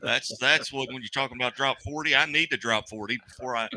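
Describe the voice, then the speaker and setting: A man's voice: medium pitch, fast talker, sharp tone, no room sound, low-quality recording. A man with a Missouri accent co-hosting a sports talk show, rambling in an easygoing way.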